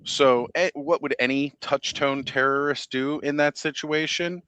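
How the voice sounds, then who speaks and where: A man's voice: fairly high pitch, fairly even intonation, a little slow, sharp tone, clean tone, no echo. A man hosting a live stream, telling a story in casual chat and laughing at his own jokes.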